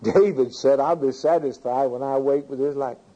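A man's voice: medium pitch, brisk, warm tone, muffled recording. A man preaching a sermon, reading scripture aloud, commenting on it and putting questions to his congregation.

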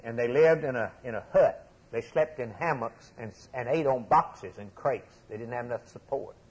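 Husky-voiced preacher with a drawl. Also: male voice, normal speed, low-quality recording. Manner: impassioned storytelling, swinging from loud emphasis to low hushed asides. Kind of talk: sermon.

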